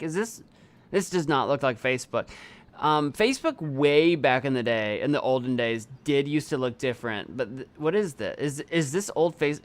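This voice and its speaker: A man streaming a game, chatting excitably and breaking into loud, incredulous exclamations. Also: a little high. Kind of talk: let's play commentary.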